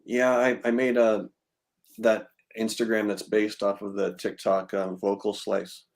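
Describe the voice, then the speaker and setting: A man's voice: lowish voice, level tone, a little slow, vocal fry. A man from Canada chatting as a guest on a video call, giving short, matter-of-fact replies. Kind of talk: casual chat.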